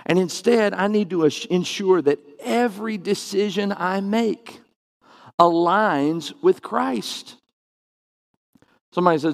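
A man preaching a sermon to his congregation, earnest and emphatic, slowing and speeding up to stress his points. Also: high voice, lively intonation, gravelly. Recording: long reverb of a church hall.

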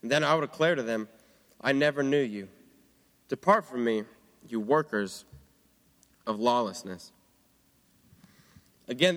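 A young man giving an earnest sermon to fellow students, dropping low and quiet on quoted words. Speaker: student preacher. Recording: long hall reverb.

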